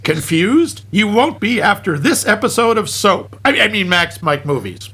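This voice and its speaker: A man's voice: high voice, very animated, unhurried, fairly bright tone, slightly rough. A man co-hosting a podcast, recapping a film with joking fake slips and corrections. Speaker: podcast co-host. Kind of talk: comedic movie recap.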